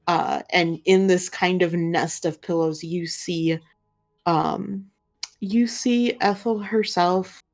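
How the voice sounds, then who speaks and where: A young woman narrating a tabletop role-playing game as game master, describing scenes in a relaxed, meandering way. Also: lowish voice, slow pace, faint music behind. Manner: relaxed, filler-heavy description.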